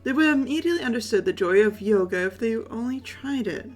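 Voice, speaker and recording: A woman's voice: a little high, lively intonation, fast talker, soft background music. Lady doing a chirpy fancy-polite hunter guy, flowery and eager. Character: flamboyant, overly polite young male hunter.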